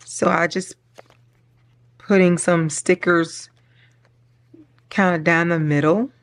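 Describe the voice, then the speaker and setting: A middle-aged woman with a lowish voice talks slowly and steadily as she decorates her planner, rambling casually. She's a planner vlogger who laughs a lot and sometimes gets choked up.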